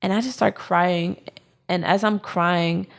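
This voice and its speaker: Young woman podcast co-host, low gravelly voice, loose rambling storyteller. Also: steady tone, slow. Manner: rambling, full of "um" and "like". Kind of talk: casual storytelling.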